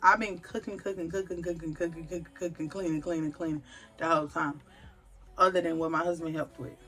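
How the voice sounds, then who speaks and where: A pregnant woman and mother of a big family, talking to camera about faith in an emphatic, animated, storytelling way. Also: low-pitched, brisk. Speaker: vlogger, mother of a large family. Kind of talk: candid faith-filled personal talk to camera.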